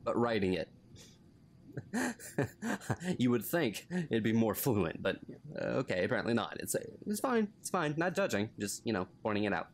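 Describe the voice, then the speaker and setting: A man's voice: on the low side, big pitch swings, moderate pace, slight background noise. A man giving casual let's play commentary, chatty and laughing often. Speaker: gaming YouTuber.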